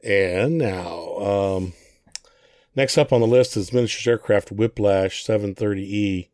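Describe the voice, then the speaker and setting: Low-voiced man fumbling a read. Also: unhurried, very noisy. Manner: stumbling, self-mocking. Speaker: podcast co-host. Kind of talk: reading a list, casual.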